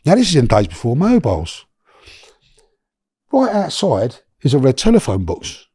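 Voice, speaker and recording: A middle-aged man, telling a long personal story in a chatty, animated way as a podcast guest. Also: medium pitch, moderate pace, slightly rough, no room sound, studio quality. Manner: animated, chatty, lots of restarts and slang.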